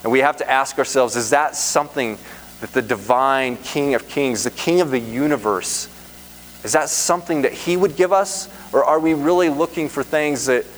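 A man preaching a sermon in an earnest, emphatic way, repeating phrases for stress. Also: mid-range voice. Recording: reverberant hall, faint hum.

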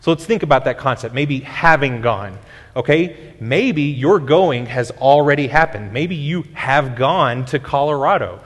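A man's voice: medium pitch, lively intonation, a little slow. A male pastor, preaching a sermon in a conversational teaching way, often restarting his sentences. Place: church sanctuary. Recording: long hall reverb.

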